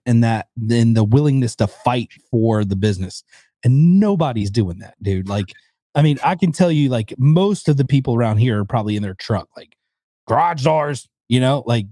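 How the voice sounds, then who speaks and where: A man talking casually on a podcast, relaxed and conversational. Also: medium pitch, no room sound, studio quality. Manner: relaxed, conversational, says "like" often.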